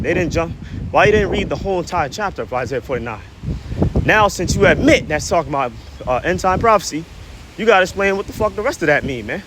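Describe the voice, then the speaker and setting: A man's voice: sits high, animated, fast, very noisy. A man giving blunt, profane scripture commentary outdoors. He reads verses aloud, then explains them in slang, tagging his lines with "man" and "right?" He is short of breath. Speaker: religious commentator. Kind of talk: preachy street-corner scripture commentary.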